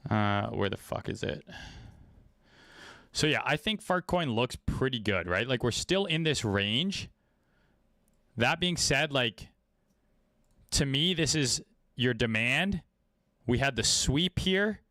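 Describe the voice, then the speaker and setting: A man's voice: medium pitch, expressive, slow pace, long pauses, pushed and bright, no room sound, studio quality. A man giving casual, profane, laid-back commentary on trading charts during a livestream, with many fillers. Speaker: trading streamer.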